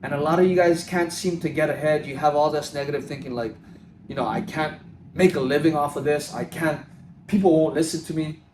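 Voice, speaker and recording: Male fitness vlogger, slightly high voice, casual and emphatic, roomy echo. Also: a little fast, noisy background. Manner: casual, emphatic, calls viewers dude. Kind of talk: free-flowing motivational talk to camera.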